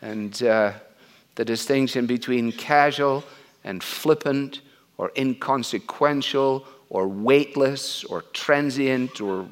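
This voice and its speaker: A man's voice: mid-range voice, takes it slowly. Earnest conversational male preacher. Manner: earnest and conversational, with frequent "uh" and rhetorical questions. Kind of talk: expository sermon.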